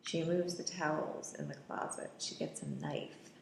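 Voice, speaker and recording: Slow, wry woman narrating a film. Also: low-pitched, very animated, gravelly, a little mellow, echoey room, a little hiss or hum. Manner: wry, sarcastic asides. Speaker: film commentator. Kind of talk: casual running film commentary.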